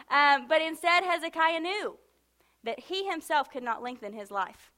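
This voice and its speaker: A woman's voice: high voice, lively intonation, measured pace, sharp tone. A woman preaching a sermon with impassioned, emphatic repetition and casual asides to the congregation.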